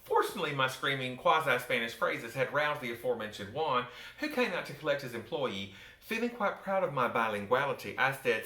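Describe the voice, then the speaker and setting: Southern man, softened accent, theatrical storyteller, bright tone, roomy sound. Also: medium pitch, sing-song, a little fast, few pauses. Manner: wry, theatrical, with joking asides to the listener. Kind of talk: personal storytelling from his book. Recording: roomy echo.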